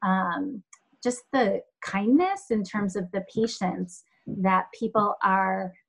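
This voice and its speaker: A woman in a middle register answers interview questions as a health center leader. She speaks thoughtfully, often pausing and filling gaps as she gathers her words. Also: mid-range voice, gravelly, husky, low-quality recording. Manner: thoughtful, halting with many fillers.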